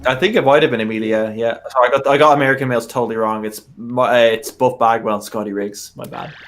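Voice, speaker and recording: A man's voice: medium pitch, fairly even intonation, fast talker, a bit bright. Joking man co-hosting a stream over music. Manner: joking, self-deprecating. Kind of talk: casual live-stream chat. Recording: game music behind.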